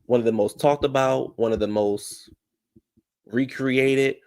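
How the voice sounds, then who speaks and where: A man chatting through a reality TV recap in a blunt, offhand way. His mid-pitched voice has a gravelly, creaky texture, and he often restarts sentences mid-thought. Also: steady tone, a little slow, darkish tone. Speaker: reality TV commentator. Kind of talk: casual recap commentary.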